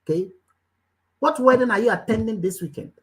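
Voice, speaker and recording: This fairly high-pitched woman talks fairly quickly, and the audio is poor. In her role as a business coach she gives a rousing talk, insistently repeating short orders and preaching at the audience with pointed questions.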